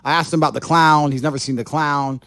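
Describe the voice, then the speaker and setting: A man guesting on a stream, teasing the host in a dry, deadpan way. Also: a little high, quick pace, no echo. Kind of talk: casual stream chat.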